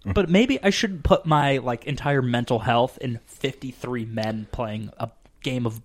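A man hosting a casual podcast, telling stories in a quick, rambling, animated way. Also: medium pitch, dry recording, studio quality. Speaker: podcast host. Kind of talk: casual chat.

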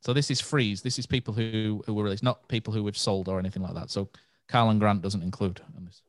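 A man hosting a quiz on a casual podcast, reading questions briskly and teasing the players. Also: fairly low pitch, steady tone, no room sound. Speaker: quizmaster, podcast host.

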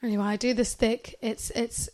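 A woman, co-hosting a podcast and telling an animated story, laughing often. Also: a little high, normal speed. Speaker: podcast co-host. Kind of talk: casual chat.

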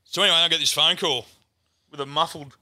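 A young Australian man, a guest comedian, telling a loud, animated story full of swearing and acted-out voices. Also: on the high side, fast.

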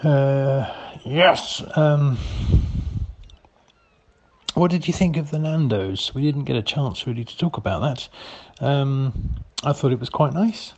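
A man talks slowly and haltingly, padding each thought with ums as he leaves a voicemail. His voice sits at a middling pitch and stays plain and matter-of-fact in a comic sketch. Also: a little mellow. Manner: slow, hesitant, full of ums, matter-of-fact. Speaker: friend leaving voicemails.

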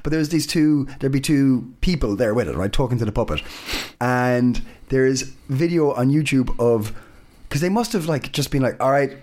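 An Irish man co-hosting a podcast in casual chat, halting and full of restarts. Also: medium pitch. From Ireland. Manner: animated, halting, lots of restarts and fillers. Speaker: podcast co-host.

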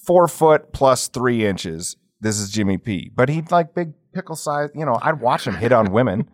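A man's voice: medium pitch, animated, no echo, clean studio sound. A man co-hosting a podcast in casual chat, swearing freely and laughing through his stories. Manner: profane, laughing storyteller; does quick impressions of people in his stories. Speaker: podcast co-host.

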